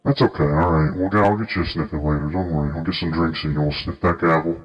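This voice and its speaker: A man's voice: rumbling low, steady tone, quick pace, highs cut off. A man hosting an improvised comedy stream as a mock judge, goofy and rambling.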